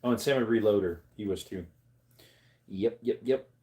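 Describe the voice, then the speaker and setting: A man chatting casually on a livestream, rambling to his viewers and breaking into high baby talk with his dog. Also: normal speed, darkish tone.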